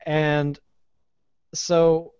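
A man, hosting a casual podcast chat and telling an animated, ranting story with plenty of swearing. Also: a little high, very slow, clear, resonant tone. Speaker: podcast host. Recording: dull lo-fi podcast audio.

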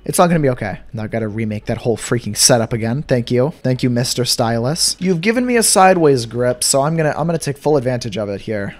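A young man giving casual gameplay commentary, excitable and sarcastic, swinging between mock despair and glee. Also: mid-range voice, quick pace, few pauses. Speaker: gaming YouTuber.

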